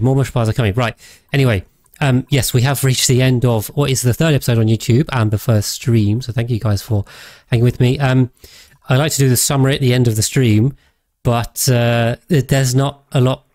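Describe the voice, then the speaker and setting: A man's voice: mid-range voice, a little mellow, no room sound. A man chatting casually on a livestream while playing a game, rambling with frequent hesitations and self-corrections. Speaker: game streamer.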